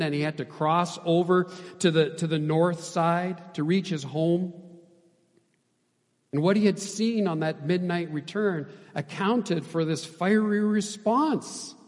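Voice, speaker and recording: A man preaching a sermon as pastor, impassioned, swinging between loud emphasis and hushed, quiet passages. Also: fairly high pitch, measured pace, big-room sound.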